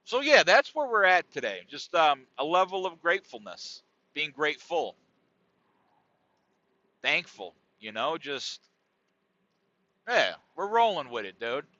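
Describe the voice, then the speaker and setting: Speaking unhurriedly and pausing often, a middle-aged man hosts a podcast with a loose, rambling, profane comedic monologue. His slightly high voice is very animated and sharp in tone. The dull, lo-fi recording is dry with no echo.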